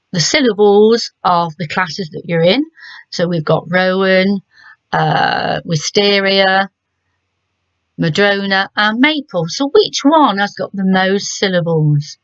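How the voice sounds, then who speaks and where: A middle-aged woman with an English accent teaches children from home, patient and gentle as she sounds out words slowly. Her voice is mid-pitched and the recording is dry and somewhat dull. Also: no echo. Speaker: primary school teacher. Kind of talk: remote lesson for children.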